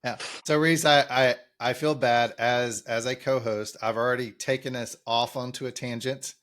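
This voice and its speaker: Upbeat podcast host guy, regular mid pitch voice, chatty and a bit self-deprecating. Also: fairly even intonation, moderate pace, a bit bright. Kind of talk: scripted podcast intro, then casual interview chat.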